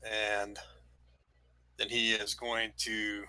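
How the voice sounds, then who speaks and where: A man playing in a tabletop game, speaking in a quiet, measured way. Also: on the low side, completely flat delivery, smooth, no echo, low-quality recording. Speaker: player. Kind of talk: casual tabletop play.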